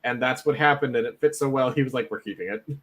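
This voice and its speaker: A man's voice: mid-range voice, steady tone, quick pace, a bit bright. A man co-hosting a casual podcast chat, earnest and talking through his points at length. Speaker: podcast co-host.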